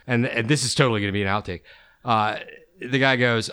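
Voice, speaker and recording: A man in his thirties with a gravelly, sharp-edged voice, swapping profane stories on a casual podcast. He rambles through his anecdotes with a loose, joking delivery. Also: mid-range voice, fairly quick. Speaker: podcast host.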